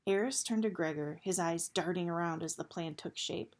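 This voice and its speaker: A woman reading a novel aloud in a steady storytelling manner. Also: on the low side, normal speed, hardly any pauses. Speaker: audiobook reader.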